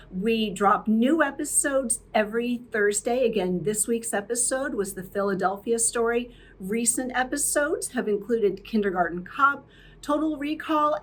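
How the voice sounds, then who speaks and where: A woman hosting a podcast, narrating from a script in a chatty way with fillers and restarts. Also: on the high side. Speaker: podcast host.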